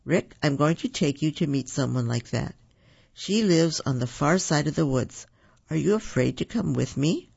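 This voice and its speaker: A man voicing a calm, reassuring big-brother raccoon in a children's story. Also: on the high side, moderate pace, gravelly, husky, lo-fi sound, full character voice. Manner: reassuring and steady.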